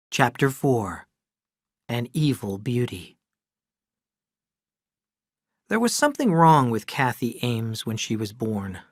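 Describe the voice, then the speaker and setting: Man reading a storybook, measured. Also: medium pitch, dry recording, clean studio sound. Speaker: narrator. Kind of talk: scripted audiobook narration.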